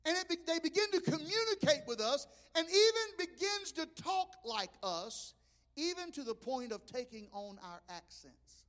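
A man's voice: very high voice, big pitch swings, moderate pace, fairly bright tone, big-room sound. A man preaching a sermon in a folksy, impassioned way, mixing humor into his message.

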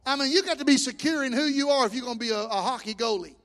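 A man preaching a fervent sermon, swelling loud and restarting his words as he goes. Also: very high-pitched, very fast. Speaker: pastor. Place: church sanctuary. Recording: long echoing reverb of a church hall.

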